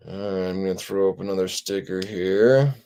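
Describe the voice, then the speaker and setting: A man hosting a casual livestream, chatting and reading viewer comments aloud in a relaxed, drawling way. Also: deep voice, moderate pace, smooth. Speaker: livestream host.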